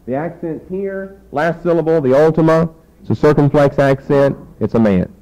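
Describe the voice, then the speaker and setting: On a rough recording, a Bible teacher with a fairly high but dark voice lectures at normal speed. He uses rhetorical questions to explain each step, his voice dropping away as he turns toward the board.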